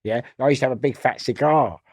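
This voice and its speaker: A man with a London accent, a podcast guest telling stories in an animated way and acting out the voices of the people in them. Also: mid-range voice, fast talker, no echo. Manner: animated storyteller who acts out voices and laughs often. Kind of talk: storytelling in a podcast interview.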